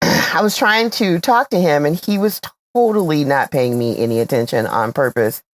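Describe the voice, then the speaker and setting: A woman co-hosting a casual chat, telling a personal story in a measured, reflective way. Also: deep voice. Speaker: podcast co-host.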